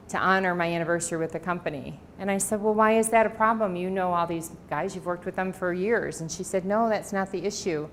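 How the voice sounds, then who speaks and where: A middle-aged woman with a medium-pitched voice speaks as an author in a library presentation room, with slight background noise. She tells family stories warmly and anecdotally, quoting dialogue along the way.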